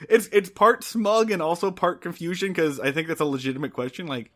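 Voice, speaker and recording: A man's voice: on the high side, fairly quick, hardly any pauses, a bit bright. A man co-hosting a podcast, recapping an old TV episode in casual chat, wry and exasperated, acting out characters' lines. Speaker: podcast co-host.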